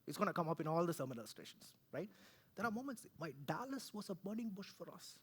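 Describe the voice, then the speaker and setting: A man, preaching conversationally, swinging from loud to hushed and often asking "right?". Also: high voice, very animated, quick pace, slightly rough. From India. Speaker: pastor. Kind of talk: sermon. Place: church.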